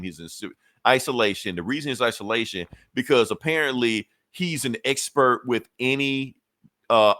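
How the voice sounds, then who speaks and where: A man's voice: medium pitch, pushed and bright, dry recording, clean studio sound. A man on a podcast retelling a comic book story in casual chat, acting out the characters' lines and swearing and laughing as he goes. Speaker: podcast co-host.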